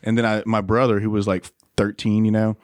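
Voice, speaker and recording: Low-voiced man telling crude stories. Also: fairly quick, dry recording, studio quality. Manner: crude, animated storytelling with acted-out quotes. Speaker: podcast co-host. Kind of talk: casual storytelling chat.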